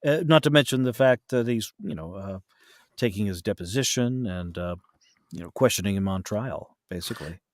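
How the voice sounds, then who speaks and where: A man talking casually as a podcast guest about narrating audiobooks, chatty and lively with quick bursts. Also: fairly low pitch, dry recording, studio quality. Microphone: podcast studio mic.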